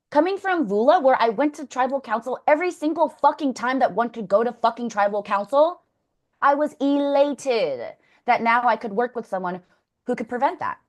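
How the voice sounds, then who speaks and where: Blunt, swearing woman in candid chat. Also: on the high side. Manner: blunt, swears freely, animated storytelling. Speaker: former contestant, interview guest.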